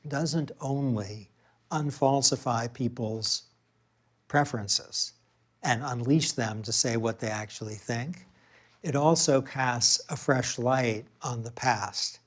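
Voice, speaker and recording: A man's voice: mid-range voice, slow pace. A man giving a public lecture in a room with an audience, telling a personal story in a conversational way with occasional fillers and restarts.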